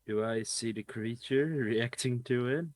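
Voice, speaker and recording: Slow-talking man playing a tabletop game. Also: mid-range voice, dry recording. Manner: unhurried and hesitant, with fillers. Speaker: player.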